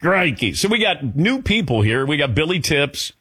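A man's voice: on the high side, moderate pace, slightly rough, no room sound. Laid-back older man hosting a sports show. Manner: relaxed, chuckling, calls on co-hosts by name. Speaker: sports radio host. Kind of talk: casual chat.

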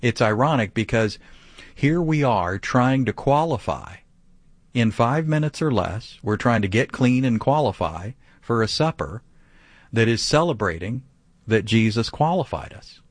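A man who is a pastor answering a caller, teaching in an animated, emphatic way. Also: medium pitch, unhurried, no echo. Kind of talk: call-in radio teaching.

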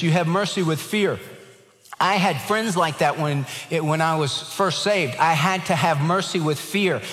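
A man's voice: fairly high pitch, fairly bright tone. Earnest preacher man in a reverberant hall. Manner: earnest, emphatic preaching with a humorous anecdote. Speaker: pastor. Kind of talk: sermon.

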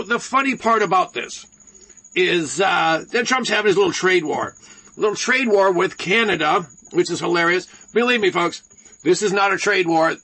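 Bright husky-voiced man on radio. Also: high-pitched, poor audio. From Detroit. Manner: sarcastic, rambling, with asides and laughs. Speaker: radio talk show host. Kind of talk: opinionated radio monologue.

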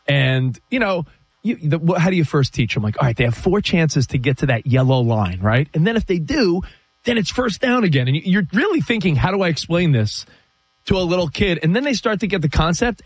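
A middle-aged man from the US East Coast co-hosting a casual sports talk show, telling animated stories and laughing easily. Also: on the high side, no room sound. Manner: animated, storytelling, quick to laugh.

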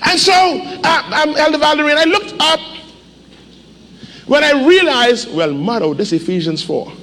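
A male pastor preaching a sermon, animated, with call-and-response and sudden shouts, in a church. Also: very high voice, moderate pace. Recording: echoey hall, faint ambience.

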